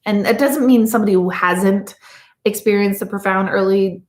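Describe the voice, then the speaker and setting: A woman's voice: medium pitch, moderate pace, echoey room. A woman working as a medium, chatting casually and rambling through stories while reading viewer comments. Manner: chatty, rambling storyteller with lively asides. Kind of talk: casual livestream chat.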